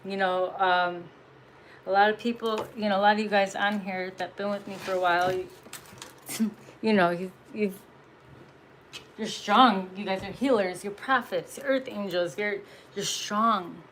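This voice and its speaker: A woman's voice: medium pitch, fairly even intonation, a little slow, pauses often, fairly bright tone, a little hiss or hum, low-quality recording. Blunt, profane woman giving a tarot message. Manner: blunt and profane, laughs often, emphatic. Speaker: tarot reader. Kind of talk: casual spiritual message monologue.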